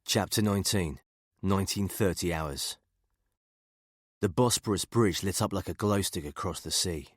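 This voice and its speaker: A man reading a thriller audiobook in a steady, measured narration. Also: low-pitched, no echo, studio quality. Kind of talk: scripted narration.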